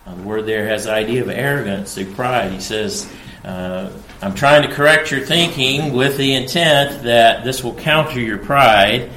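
A man preaching an expository sermon, teaching slowly and deliberately with frequent fillers and emphatic quoted lines. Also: medium pitch, sharp tone, a little hiss or hum. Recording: echoey room.

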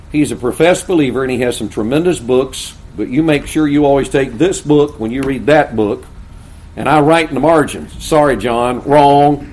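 A man's voice: medium pitch, a little mellow. An older man preaching a sermon to pastors, with earnest, folksy storytelling.

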